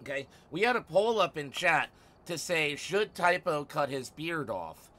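A man live-streaming a game from home, chatting casually with viewers, teasing and swearing, often bursting out loudly. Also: a little high, lively intonation, unhurried. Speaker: livestreamer.

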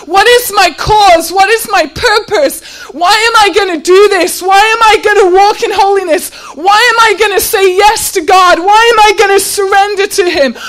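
A woman with a very high voice preaching a heartfelt sermon. She pushes her voice up to near shouting and sounds close to tears as she presses question after question. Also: moderate pace, hardly any pauses. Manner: impassioned, often near tears and raising her voice; repeats rhetorical questions.

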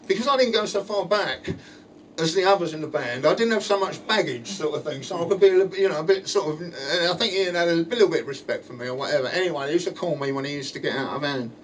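An older man tells a rock-and-roll anecdote at a book signing, animated and laughing, with halting restarts. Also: fairly high pitch. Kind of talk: anecdotal storytelling to an audience. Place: bookshop, indoors. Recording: distant mic with faint room noise.

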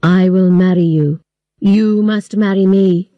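Woman reader playing a cold, pushy older man, dark mellow tone, dull dry recording. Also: medium pitch, fairly even intonation, takes it slowly, no room sound, close to an everyday voice.

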